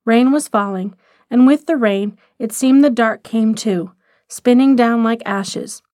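Woman storyteller reading literary fiction; measured and expressive, fairly high voice, dry close sound. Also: no room sound. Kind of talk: scripted narration of a short story.

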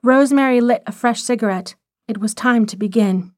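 A woman narrating a short story in a measured, expressive reading. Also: on the high side, no room sound, clean studio sound.

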